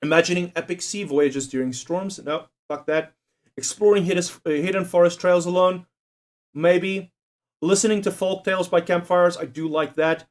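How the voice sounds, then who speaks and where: With a high voice, a steady tone, and normal speed, a young streamer chats with his viewers as he takes a quiz. He's casual and profane, joking around and laughing often.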